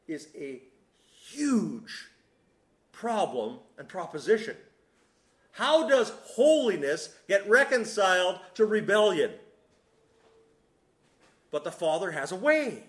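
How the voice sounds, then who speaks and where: Slow, animated preacher man. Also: sits high. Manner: emphatic, slow and deliberate with sudden soft drops. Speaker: pastor. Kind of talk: sermon. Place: church sanctuary. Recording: echoey room.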